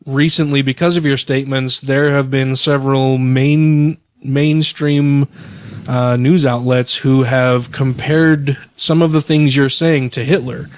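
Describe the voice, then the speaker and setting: A man's voice: mid-range voice, fairly even intonation, unhurried, a little mellow, no room sound, studio quality. A man co-hosting a podcast, telling a long story in casual, profane chat. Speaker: podcast co-host.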